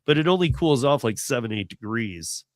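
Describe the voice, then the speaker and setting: Animated casual male podcast host. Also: mid-range voice, moderate pace, dry recording. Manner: animated, swearing, laughs easily. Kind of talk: casual chat.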